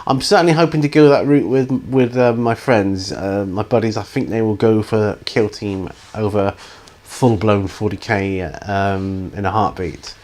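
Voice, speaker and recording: Middle-aged guy, lowish voice, rambles through viewer questions with lots of ums. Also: steady tone, a little slow, few pauses, darkish tone. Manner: rambling and hesitant, many ums and restarts. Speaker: YouTube hobby channel host answering viewer questions. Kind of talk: casual Q&A chat.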